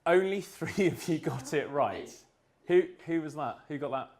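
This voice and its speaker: A man from the UK giving a humorous business presentation to an audience in an event room, with quick jokes and restarts. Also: a little high, lively intonation, darkish tone. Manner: joking, quick asides, restarts. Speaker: speaker at a business talk.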